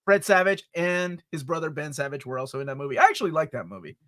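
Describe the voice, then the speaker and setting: A man co-hosting a casual movie review chat, excitable and jokey as he gushes over favorite scenes. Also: fairly high pitch, fast, no room sound, clean studio sound. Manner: excitable and jokey, quoting favorite lines with gusto.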